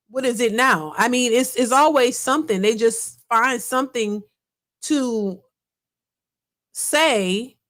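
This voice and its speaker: Rambling woman on a livestream, kinda high voice, chatting to y'all. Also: fairly bright tone. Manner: rambling, talks to viewers as y'all, reads super chats. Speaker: reaction channel host. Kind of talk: casual livestream chat.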